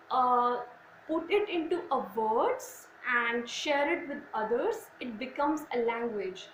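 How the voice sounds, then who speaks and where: A woman teacher, explaining a lesson slowly and deliberately with some fillers. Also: high voice. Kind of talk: classroom lesson. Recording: echoey room, faint noise.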